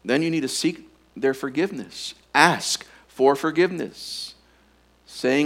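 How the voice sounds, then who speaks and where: A man's voice: mid-range voice, normal speed. Earnest male preacher mid-sermon. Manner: earnest, urging, drops to quiet intensity on key points. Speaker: pastor.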